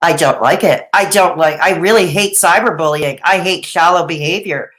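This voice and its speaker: A woman's voice: on the low side, moderate pace, a bit bright. A woman hosting a live commentary stream, reading chat aloud in a sarcastic, chatty way and laughing often. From Canada. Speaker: commentary livestream host.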